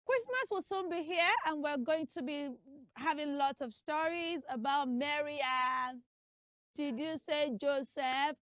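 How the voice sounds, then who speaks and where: A woman whose voice sits high plays a comic pronunciation teacher in a classroom lesson skit, emphatically drilling her class and spelling names out letter by letter. She speaks a little slowly with a slightly bright tone, in studio-quality sound with no room noise.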